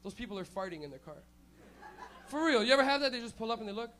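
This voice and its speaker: A man with a high voice works a club stage through a stage mic, hosting a stand-up night. He tells crude stories with lots of animation and breaks into loud shouted bits. He sounds like a comedian from Canada. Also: sing-song, fast, slight background noise.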